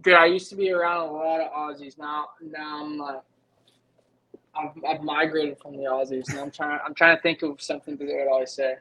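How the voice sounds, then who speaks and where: Young man from the United States, podcast guest, relaxed and casual, slightly higher voice. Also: fairly quick, a little hiss or hum, low-quality recording. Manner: relaxed, casual with filler words. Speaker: guest, racer. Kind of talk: casual chat.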